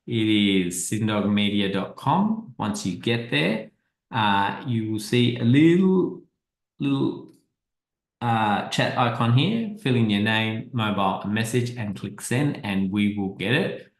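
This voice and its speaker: A man with a lowish voice talks through a slideshow presentation on marketing. He speaks in a casual, conversational way, often stumbling and repeating a word before he finds his phrasing. The sound has a roomy echo around it. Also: animated, takes it slowly.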